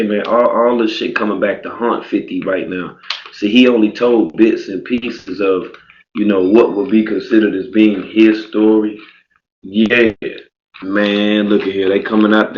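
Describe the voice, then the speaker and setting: A man hosting a loose, profane livestream, his voice sitting on the low side. He talks in a casual, filler-heavy way. The sound is echoey and a bit muffled. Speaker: livestream host. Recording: echoey, muffled stream audio.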